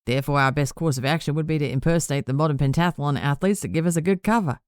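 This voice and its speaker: A boastful male warlock who talks down to everyone as if it were a casual chat, voiced by a woman reading an audiobook. The voice sits low and dry. He sounds self-satisfied. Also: quick pace, a little mellow, no room sound, lightly acted. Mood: smug, patronizing. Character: smug boastful Australian male warlock leader.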